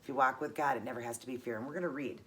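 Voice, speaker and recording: A woman's voice: a bass voice, racing, a bit bright. A middle-aged woman vlogger chatting casually and earnestly as she unboxes gifts, gushing and emotional.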